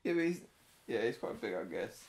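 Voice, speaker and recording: Gravelly, rambling man in casual chat. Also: on the low side, big pitch swings, fairly quick. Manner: hesitant, rambling, playful. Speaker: podcast co-host.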